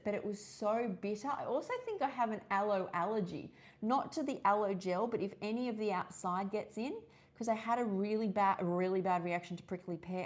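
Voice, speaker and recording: An Australian woman hosting a casual live-stream chat, rambling and chatty with many fillers and restarts. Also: mid-range voice. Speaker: host of a live wellness session.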